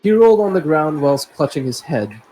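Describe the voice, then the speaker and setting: A man's voice: a little high, big pitch swings, moderate pace, dark tone, a little hiss or hum, low-quality recording. Young man reading aloud with laughing asides. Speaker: host and narrator. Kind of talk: casual story reading aloud.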